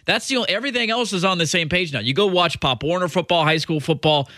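A man with a slightly high, nasal voice co-hosting a sports talk show. His tone is bright, and he explains his points in animated, casual chat. The recording is dry and close. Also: fast talker, dry recording. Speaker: sports radio co-host.

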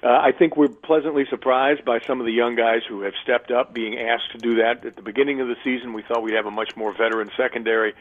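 A man's voice: medium pitch, fairly even intonation, quick pace, few pauses, slight background noise. A man, a radio play-by-play announcer, talking through a phone-in radio interview in a chatty, thorough way, restarting often. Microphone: telephone. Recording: tinny phone line.

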